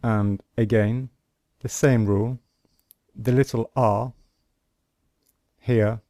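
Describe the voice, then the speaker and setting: A man teaching English pronunciation, explaining sound symbols and saying example words one at a time with pauses between them. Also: medium pitch, steady tone, mellow, no echo, studio quality. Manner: slow and deliberate, pausing between example words. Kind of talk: slow instructional explanation.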